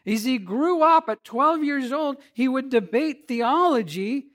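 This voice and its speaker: A man preaching a sermon, swinging between emphatic loud lines and hushed, quiet passages. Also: extremely high pitch, expressive, a little slow. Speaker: pastor.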